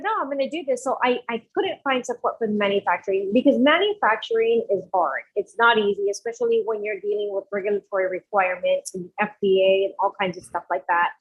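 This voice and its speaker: A woman, a guest on an interview podcast, telling her story and acting out the lines of the people in it. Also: medium pitch. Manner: animated, acts out quoted dialogue. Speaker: guest entrepreneur. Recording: dull lo-fi audio.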